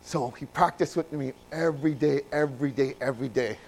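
A man from Hawaii, telling his own story in a sermon and swinging between loud bursts and hushed passages. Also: medium pitch, brisk, slight background noise, low-quality recording.

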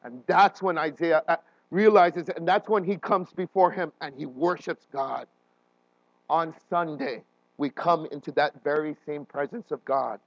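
A man preaching a sermon as a pastor, animated and often checking in with his listeners, with frequent restarts and fillers. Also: high-pitched, no echo, dull audio.

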